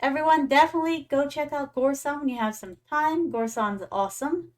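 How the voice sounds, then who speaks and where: Young adult female streamer with a slightly high voice and an easy, playful chatter toward her viewers. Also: fairly quick. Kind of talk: casual gaming stream chat.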